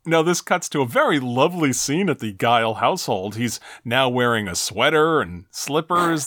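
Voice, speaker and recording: Guy narrating game endings for his cohost, lively up and down voice, dry close sound. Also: moderate pace, few pauses, dry recording. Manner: animated storyteller, acts out quoted lines in shifting pitch. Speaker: podcast co-host. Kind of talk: casual chat, reading out video game ending scenes.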